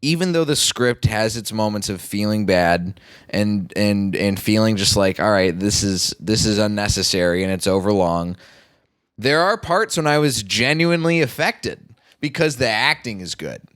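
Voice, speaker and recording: A man hosting a casual film podcast, asking quick questions and making dry jokes. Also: lowish voice, animated, a bit bright, smooth, no echo. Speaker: podcast host.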